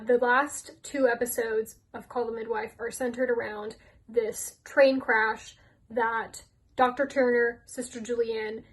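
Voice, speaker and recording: A woman's voice: on the high side, rough recording. A woman giving a casual rant vlog, blunt and sweary, often laughing. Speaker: YouTuber.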